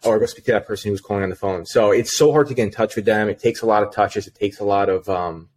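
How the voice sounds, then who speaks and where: On a casual podcast, a sales manager appears as a guest and tells an animated work story packed with fillers, acting out a phone call. His voice is lowish and he talks fast.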